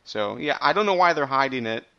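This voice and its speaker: Co-host, smooth bright voice, earnest and a bit halting, lo-fi line. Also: male voice, medium pitch, lively intonation. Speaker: podcast co-host. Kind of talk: casual chat.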